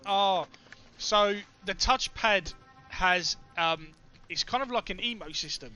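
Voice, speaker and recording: A young man with a Cockney accent, chatting excitedly to his stream chat while he plays. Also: high voice, slow pace, faint music behind. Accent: London Cockney. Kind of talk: casual let's play commentary.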